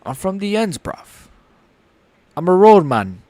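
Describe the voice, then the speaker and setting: A man's voice: high-pitched, big pitch swings, slow pace, warm tone, no room sound, voice pushed up, heavily acted. A man voicing a cocky young British street lad in a mock British accent, swaggering and full of slang. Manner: swaggering, slangy, repeats "bruv".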